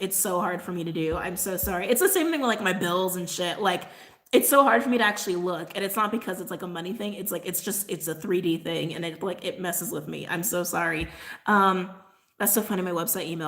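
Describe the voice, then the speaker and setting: A woman's voice: mid-range voice, fairly bright tone. A woman hosting a casual livestream, talking loosely and at length. She rants with a constant "like", breaks into laughs and keeps apologizing to her viewers. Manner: rambling, ranting, heavy use of "like", laughs often; apologetic asides. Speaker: tarot channel host.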